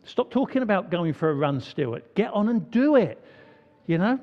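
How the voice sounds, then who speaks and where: Man, high animated voice, family church talk, dull echoey hall recording. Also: normal speed. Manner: lively, chatty, asks the children questions. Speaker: preacher leading a church service. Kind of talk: all-age church talk.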